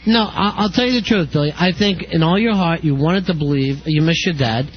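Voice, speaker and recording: A man's voice: on the high side, fairly quick. A man hosting a radio talk show, skeptical and teasing with his guest. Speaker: radio host. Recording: dull lo-fi radio recording.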